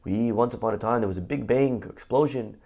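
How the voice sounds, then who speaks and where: A man's voice: medium pitch, a little fast, dark tone, lightly acted. A man voicing a father in a told joke, rambling through a long explanation. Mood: explaining. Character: educated father explaining evolution.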